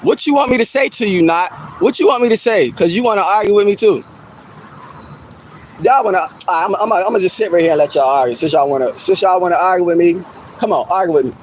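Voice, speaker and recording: High-voiced man teasing his stream chat. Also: animated, fast talker, a little hiss or hum, poor audio. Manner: teasing, laughing at chat, repeats himself. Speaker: livestreamer reacting to chat. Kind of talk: casual livestream chat. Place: outdoors.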